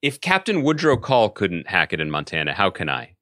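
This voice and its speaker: A man's voice: deep voice, fairly quick, dry recording, clean studio sound. A man co-hosting a podcast, chatting casually and riffing with jokes. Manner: joking, animated riffs. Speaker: podcast co-host. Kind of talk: casual chat.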